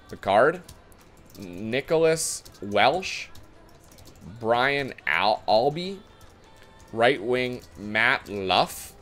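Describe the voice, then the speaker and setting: A man's voice: mid-range voice, fairly bright tone. Chatty man thinking aloud over a game. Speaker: gaming YouTuber. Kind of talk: casual game commentary.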